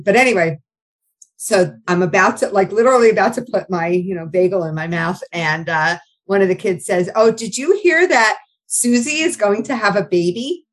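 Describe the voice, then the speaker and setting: A woman who used to teach, hosting a casual podcast chat and telling stories with lively acted-out quotes. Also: low-quality recording. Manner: lively storyteller, acts out quotes with pitch jumps. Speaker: podcast host; former teacher.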